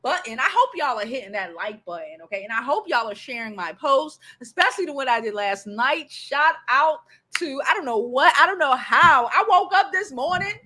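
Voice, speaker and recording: High, bright, excitable woman host. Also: moderate pace, few pauses. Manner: excitable, laughing, swearing freely. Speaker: livestream host. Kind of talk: casual livestream chat.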